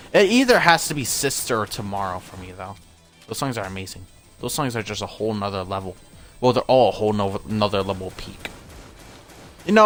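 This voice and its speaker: A man's voice: mid-range voice, fairly bright tone. A young man giving casual let's-play commentary, rambling and full of "like" fillers. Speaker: gamer.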